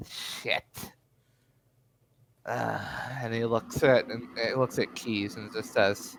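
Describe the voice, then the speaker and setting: A man narrating a tabletop game as game master, relaxed and full of fillers. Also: medium pitch, slow, creaky, long pauses, no echo, rough recording.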